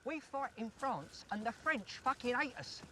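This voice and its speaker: An actor with a period Cockney accent playing a crude British soldier who rants and swears. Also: male voice, extremely high pitch, lively intonation, measured pace. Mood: ranting. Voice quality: profane, rambling rant. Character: crude, ranting British army soldier, adult. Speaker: soldier in a war film. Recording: film clip with crowd noise.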